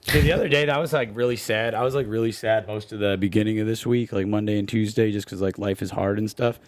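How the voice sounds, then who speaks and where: A man's voice: fairly low pitch, steady tone, fast. A man hosting a comedy podcast, bantering crudely and laughing often. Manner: profane, joking, laughs often. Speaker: podcast host.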